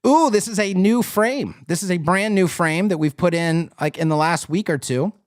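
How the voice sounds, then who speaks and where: A man gives a live critique of a website, thinking aloud with casual fillers and quick restarts. His voice is smooth and clear, pitched a little high. The sound is dry and close, with no room echo. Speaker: web design instructor.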